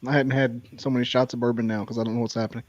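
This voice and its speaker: A man's voice: mid-range voice, level tone, rapid-fire, no echo, dull audio. A man co-hosting a casual podcast chat, rambling and ranting playfully.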